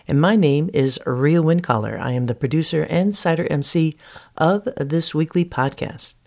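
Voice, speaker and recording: Low-voiced new woman doing a laid-back podcast intro, chatty, thinks out loud. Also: moderate pace. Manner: chatty, relaxed, thinks aloud. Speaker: podcast host and producer.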